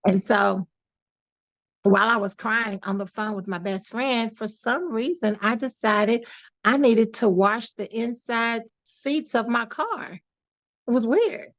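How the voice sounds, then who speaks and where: A woman guest on a podcast, telling a personal story in a lively, animated way, acting out the voices of the people she quotes. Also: a little high, takes it slowly. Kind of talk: storytelling in a casual interview.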